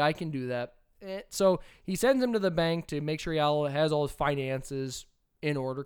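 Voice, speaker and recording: A man with a fairly high, smooth and resonant voice, co-hosting a podcast in easy casual chat. He tells the story with animated, emphatic stresses. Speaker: podcast co-host.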